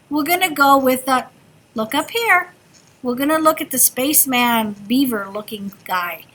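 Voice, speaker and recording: High sing-song kindergarten teacher. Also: female voice, bright, forceful tone. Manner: sing-song, encouraging, talks to small children. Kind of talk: classroom instruction. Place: classroom.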